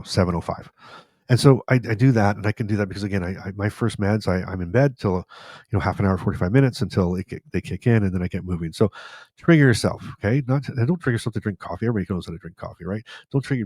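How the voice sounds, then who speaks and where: A middle-aged man with a fairly low voice gives casual advice as a podcast host. He rambles and circles back, repeating key phrases for emphasis. The sound is dry and close, with no room around it. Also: a little mellow, no echo.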